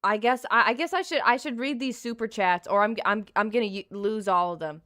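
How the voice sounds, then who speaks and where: A woman streaming a video game live, swinging between shrieks and hushed, repetitive disbelief as she talks to her chat. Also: medium pitch, brisk, no room sound. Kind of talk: live gameplay commentary.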